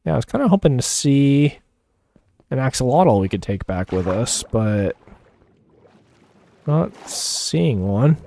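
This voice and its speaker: A man talking loosely through a live gaming stream. His pitch sits at an ordinary middle level. He rambles and piles on fillers as he chats with viewers, chuckling easily between thoughts. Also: sing-song, slow, gravelly, long pauses, warm tone. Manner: chats with viewers while playing. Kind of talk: casual gameplay commentary.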